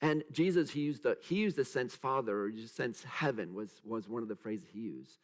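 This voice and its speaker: A man's voice: medium pitch, a little fast. A male pastor giving a sermon, searching for words and acting out quotes in a raised voice, leading the congregation in repeating phrases. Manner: animated, acts out quotes in a raised voice; searching, with many restarts and trailing asides.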